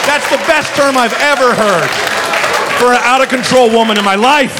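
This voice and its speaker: A male stand-up comedian telling a story on stage, animated and profane, acting out the people in it. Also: very high voice, moderate pace, over a noisy crowd, very noisy. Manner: animated, profane, acts out characters. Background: audience laughter.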